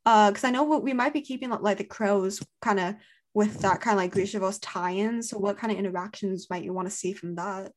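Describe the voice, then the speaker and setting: A woman's voice: mid-range voice, a little fast. A woman hosting a casual fan chat. She talks in a gushing way, full of fillers.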